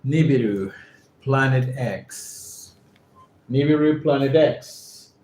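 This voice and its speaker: A man's voice: medium pitch, darkish tone. A man whose first language is Spanish reads an article aloud for English practice, stopping often to repeat words and check how they are pronounced. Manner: halting, stops to repeat words and check pronunciation. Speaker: English learner reading aloud. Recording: roomy echo with faint background noise.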